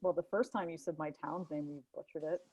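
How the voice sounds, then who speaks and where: A Canadian woman co-hosting a casual live-stream chat, relaxed and thinking out loud, swearing in jest. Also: sits low, fast, husky, lo-fi sound. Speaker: podcast co-host.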